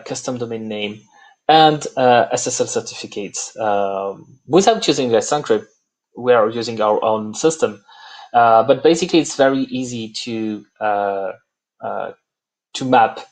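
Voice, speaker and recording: French-accented man with a halting delivery. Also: medium pitch, a little mellow. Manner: halting, many "uh" fillers. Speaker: presenter. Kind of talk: live software demo walkthrough.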